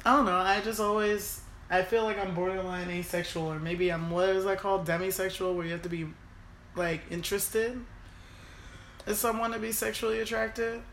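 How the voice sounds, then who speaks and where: A woman's voice: mid-range voice, moderate pace. Emotional young woman telling a story. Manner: emotional, animated, quotes people in raised voices. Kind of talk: casual personal storytelling. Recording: echoey room with faint noise.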